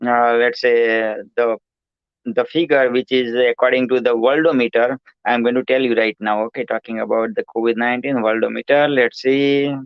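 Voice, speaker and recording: A man's voice: mid-range voice, flat delivery, moderate pace, clear, resonant tone, dry recording, dull audio. A man hosting his own show, giving a rambling motivational monologue, repetitive and preachy, full of "you know" and "right".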